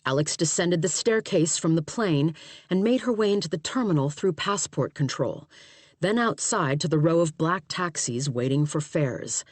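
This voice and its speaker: Low-voiced woman narrating an audiobook. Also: expressive, moderate pace, a little mellow, no echo. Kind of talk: scripted narration.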